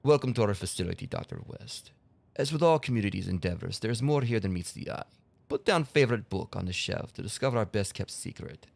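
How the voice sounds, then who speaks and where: Stiff formal letter reader with a mock russian accent , a gamer putting it on, hushed and far off. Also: male voice, lowish voice, expressive, a little fast, gravelly, dry recording.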